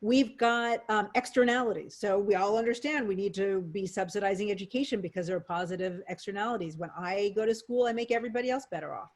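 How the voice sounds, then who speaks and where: A woman economist, a guest on a video call, explaining her points in a clear, lecturing way, step by step. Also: mid-range voice, fast talker, few pauses. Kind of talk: explanatory interview answers.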